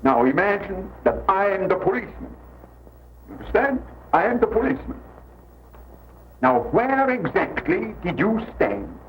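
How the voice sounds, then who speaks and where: An actor playing a fussy, pompous professor in 1930s film acting, lecturing slowly as he reenacts a crime. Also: high voice, big pitch swings, creaky, fairly bright tone, a little hiss or hum, exaggerated voice, rough recording. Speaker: alienist.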